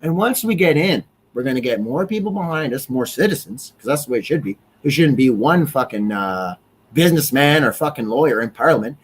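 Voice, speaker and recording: A man's voice: mid-range voice, animated, fairly quick, a little hiss or hum. A young man hosting a livestream, delivering an angry, profane, rambling political rant. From Canada. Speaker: livestream host.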